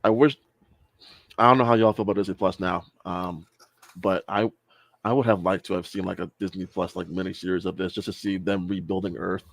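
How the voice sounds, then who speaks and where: A man's voice: sits low, steady tone, a little fast, gravelly. A man chatting casually about movies, eager and full of restarts. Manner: enthusiastic, stumbling restarts. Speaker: podcast co-host. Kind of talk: casual chat.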